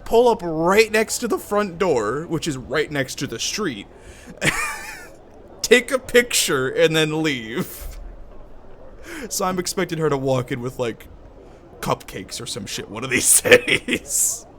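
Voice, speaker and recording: A man's voice: a little high, huge pitch swings, slow, fairly bright tone, a little hiss or hum. A young man streaming a game, chatting casually, swearing, laughing and drifting into tangents. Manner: laughing, profane, rambling. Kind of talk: casual gameplay commentary.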